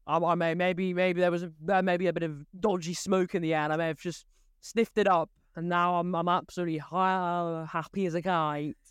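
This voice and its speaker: A man's voice: fairly high pitch, clean tone, dry recording, studio quality. A young man, co-hosting a casual podcast in a hyper, joking way. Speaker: podcast co-host. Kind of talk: casual chat.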